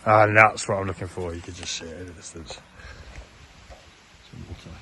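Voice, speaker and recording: A man's voice: low voice, steady tone, sharp tone, rough recording. Rambling man hiking on a windy moor. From Plymouth, south-west England. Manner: rambling, halting, many fillers and restarts. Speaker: hiker and vlogger. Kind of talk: casual spoken hiking diary. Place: outdoors on open moorland and in woodland. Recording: outdoor camera audio with wind noise.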